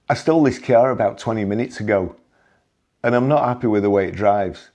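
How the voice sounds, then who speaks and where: A man's voice: fairly low pitch, a little slow, a little mellow, pitched above the performer's own voice. A man voicing a brash, cheeky male car thief with a Liverpudlian accent, in a spoken-word story. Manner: brash, cheeky, mock-apologetic.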